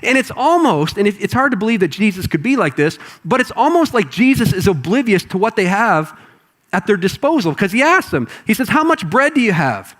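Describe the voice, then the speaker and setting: High-voiced pastor preaching. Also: male voice, brisk. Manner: conversational, animated preaching. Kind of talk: sermon. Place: church auditorium with congregation.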